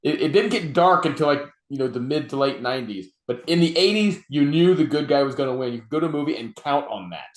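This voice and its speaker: A man's voice: on the high side, expressive, fast, hardly any pauses, echoey room. A man co-hosting a podcast in casual chat, telling jokes in a laid-back way. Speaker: podcast co-host.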